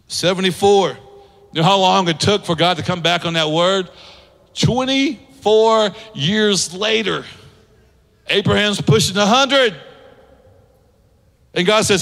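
Bright, high-voiced male pastor preaching. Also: a little slow. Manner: acts out quoted voices, asks the congregation to respond. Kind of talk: sermon. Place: church sanctuary. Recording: long church hall reverb.

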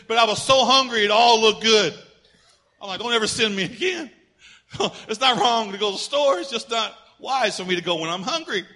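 Telling funny stories from his own life, a middle-aged man pastors through a conversational sermon, alternating loud emphasis with quiet asides. His voice sits high.

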